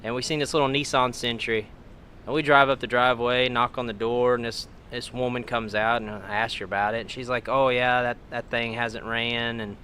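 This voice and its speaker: A man's voice: mid-range voice, fairly even intonation, fairly quick, pushed and bright, a little hiss or hum. A young man from Kentucky with a Kentucky accent, telling stories casually as a guest in an interview, rambling with lots of fillers and laughter. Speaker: guest, demolition derby driver.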